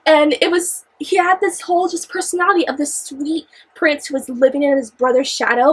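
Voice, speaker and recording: High-voiced young woman gushing about a book. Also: normal speed, rough recording. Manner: gushing, exclamatory, repeats herself when worked up. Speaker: book reviewer. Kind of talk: excited casual book discussion.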